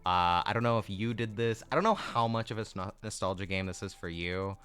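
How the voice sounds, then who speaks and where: Bright-voiced, joking male game streamer. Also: on the low side, expressive, clean tone. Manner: joking, teasing, quick asides. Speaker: co-host streamer. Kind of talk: casual gaming chat.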